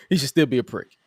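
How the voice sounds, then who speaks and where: A man hosting a casual wrestling review chat, animated and mocking, quoting his own exasperated reactions. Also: no room sound. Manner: animated, mocking, quotes himself in exasperated asides. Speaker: podcast host.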